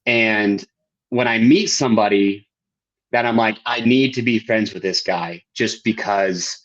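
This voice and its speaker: A man's voice: fairly low pitch, measured pace, dull audio. An American man, a podcast guest, chatting casually and explaining things in detail. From United States. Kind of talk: casual interview chat.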